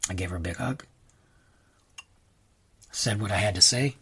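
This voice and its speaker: A man hosting his own show, telling a rambling personal story in a casual, animated way that jumps high for excited reactions. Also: moderate pace, breathy edge. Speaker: podcast host.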